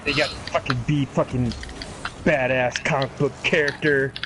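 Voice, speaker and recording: A man's voice: medium pitch, fairly even intonation, normal speed, background noise. A man co-hosting a casual gaming stream, joking crudely and swearing a lot. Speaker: podcast co-host.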